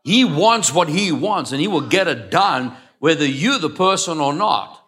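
A man preaching a sermon as pastor, swinging between loud calls and quiet asides and having the congregation repeat phrases after him. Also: a little high, lively intonation, a little slow, slightly rough.

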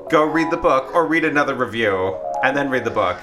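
A man co-hosting a podcast in an easygoing, jokey chat. His pitch rises and falls a lot, giving his speech an animated lilt. He is playful and teases along with his co-host. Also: brisk, over music. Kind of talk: casual chat.

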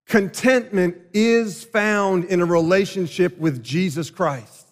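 A male pastor delivering a sermon, emphatic and swinging between loud and quiet passages. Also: high voice, measured pace. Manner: emphatic, rising and falling delivery. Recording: long hall reverb.

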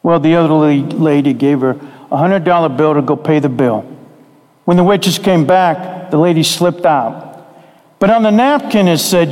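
A man preaching a sermon, telling stories in a slow, deliberate way with drawn-out phrases. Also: on the high side, a little mellow, big-room sound, rough recording. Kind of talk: sermon with storytelling.

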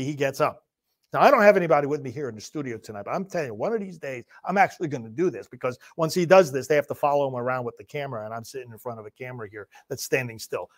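A priest hosting a studio broadcast, talking emphatically with many restarts. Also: male voice, a little high. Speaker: priest host. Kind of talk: studio commentary and prayer.

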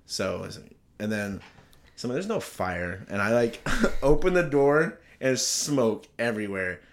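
A young man tells a story in a loose, rambling way, swearing freely and breaking into laughter. His voice sits at an ordinary pitch, and the talk is casual. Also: expressive, measured pace.

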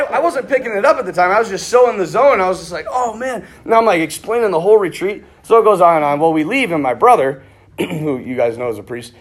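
A middle-aged priest giving a conversational sermon, telling stories and acting out bits of dialogue. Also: male voice, high voice. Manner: conversational, animated, acts out quoted dialogue. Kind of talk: sermon with storytelling.

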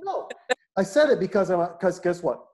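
A man's voice: sits high, sing-song, normal speed, warm tone. Emphatic ranting man, casual chat.

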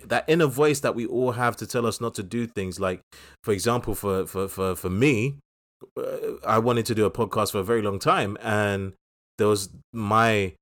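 A man co-hosting a casual podcast, chatting about films in a rambling, jokey way with many restarts. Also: fairly low pitch. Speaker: podcast co-host. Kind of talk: casual podcast film chat.

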